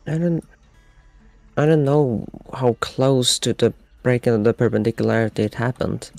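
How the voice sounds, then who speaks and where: A man, a player in a tabletop game, talking through the story in a measured, uncertain way. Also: medium pitch, gravelly, darkish tone, no echo, faint music behind. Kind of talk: casual tabletop discussion.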